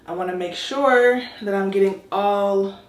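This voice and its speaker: A woman chatting casually through her hair-washing routine as a vlogger, candid and relaxed. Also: medium pitch, unhurried, reverberant. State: out of breath. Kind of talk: casual vlog talk. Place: bathroom shower.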